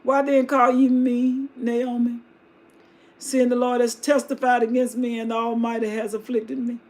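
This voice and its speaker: A woman's voice: fairly high pitch, level tone, normal speed, darkish tone, close to an everyday voice. A woman voicing a grieving aging widow who pleads with her daughters-in-law in a folksy, weary way during a live Bible retelling. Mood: bitter.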